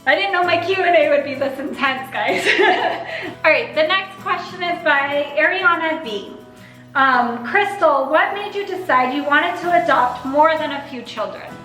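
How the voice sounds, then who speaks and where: A woman's voice: high voice, lively intonation, normal speed, bright, forceful tone, roomy sound, faint music behind, poor audio. A woman in her thirties answering viewer questions in a casual vlog, earnest and open about fostering, at times holding back tears. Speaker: vlogger, foster and adoptive mother.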